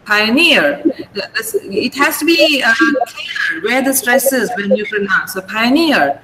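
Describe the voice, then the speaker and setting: A woman's voice: fairly high pitch, lively intonation, a little slow, very noisy. A woman with an Indian English accent teaching an online vocabulary class, patiently drilling word stress. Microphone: video call.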